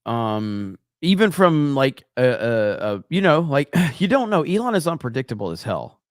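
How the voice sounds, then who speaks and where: An Alabama man co-hosts a livestream, chatting loosely, cursing freely, and reading viewer comments out loud. His mid-range voice swings widely in pitch at a normal speed, captured in clean studio sound with no echo.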